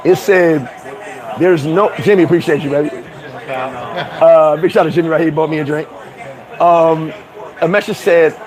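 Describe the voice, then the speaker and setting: A man hosting a casual livestream, laughing often, talking in slang and giving shout-outs to viewers. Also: a little high, normal speed, pauses often, rough recording. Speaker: livestream host. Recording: crowd chatter behind.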